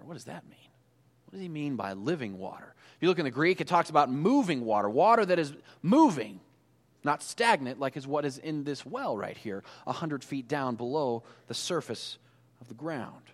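Guy preaching, chatty and animated, kinda higher voice, long echo from the hall. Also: normal speed. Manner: conversational, animated storytelling. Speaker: pastor. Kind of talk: sermon.

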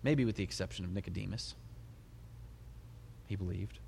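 A middle-aged man, a pastor, giving a sermon, retelling the story with animated storytelling and soft laughs. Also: low-pitched, normal speed, gravelly, slight background noise. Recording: long hall reverb.

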